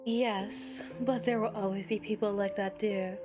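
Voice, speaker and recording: Woman doing a sultry, gentle mother. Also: fairly even intonation, measured pace, music in the background, natural voice. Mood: soothing. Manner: smooth, low and coaxing.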